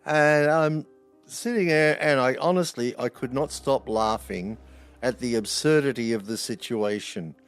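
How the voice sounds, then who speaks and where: Blunt ex-prison officer. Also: male voice, medium pitch, unhurried, clean tone, soft background music. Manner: blunt, swears freely, wry humor. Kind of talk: anecdotal storytelling.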